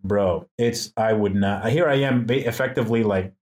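A man's voice: fairly low pitch, normal speed. Slangy young man telling a story. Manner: animated storyteller, slangy, says "bro" and "like" a lot. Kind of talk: casual podcast chat.

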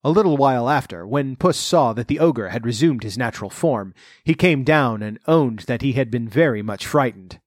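A man reading a fairy tale aloud in measured narration, then adding wry comments of his own. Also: medium pitch, animated, dry recording, studio quality. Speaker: storyteller.

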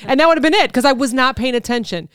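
A woman's voice: high-pitched, animated, racing, clean tone, dry recording, studio quality. A woman co-hosting a podcast, telling stories in a chatty, rambling way full of fillers. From Illinois, US. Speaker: podcast co-host. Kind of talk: casual chat.

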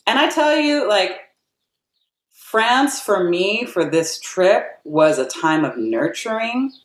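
A woman's voice: big pitch swings, takes it slowly. An American woman telling a personal travel story in a chatty, casual way, with many "like"s and acted-out quotes. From United States. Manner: chatty, lots of "like", acts out quotes in a higher voice. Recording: roomy echo.

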